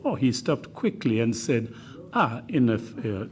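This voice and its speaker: An older man chairing a formal hearing, speaking slowly with many ums and uhs. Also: medium pitch, very animated, dark tone. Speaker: commission chair.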